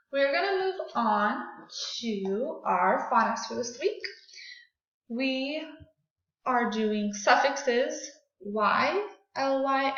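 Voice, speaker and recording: In a fairly high, fairly bright voice, a woman teaches grammar and phonics to second graders, speaking slowly, clearly and encouragingly. She runs call-and-response drills, having the children repeat words and clap them out. The recording is from an echoey room and sounds dull and lo-fi.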